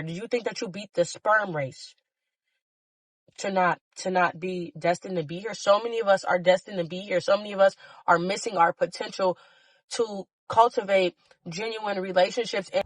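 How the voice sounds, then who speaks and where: A woman's voice: medium pitch, no room sound. Woman, podcast host, emotional motivational monologue, swears freely, dry recording. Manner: passionate and blunt, swearing freely; emotional, preachy urging of listeners.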